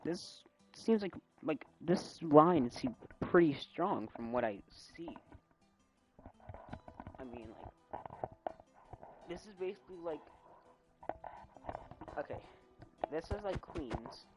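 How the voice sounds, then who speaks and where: A young man streaming casually, rambling with many fillers, his volume swinging loud and soft. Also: on the high side, animated, takes it slowly, long pauses, poor audio. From United States. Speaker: railfan streamer. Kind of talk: casual gameplay stream chat. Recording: loud music behind.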